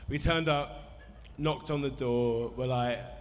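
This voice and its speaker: A man's voice: mid-range voice, slow pace, a little hiss or hum. A man in his thirties telling a rambling, self-deprecating, sweary story to a live cinema audience, nervous with a dry mouth. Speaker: musician introducing a film screening. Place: cinema hall at a festival. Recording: live hall reverb, faint crowd ambience.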